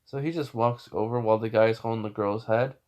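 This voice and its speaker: A man's voice: lowish voice, fairly even intonation, a little fast, darkish tone. A young man casually retelling a fan story, rambling with many fillers and restarts.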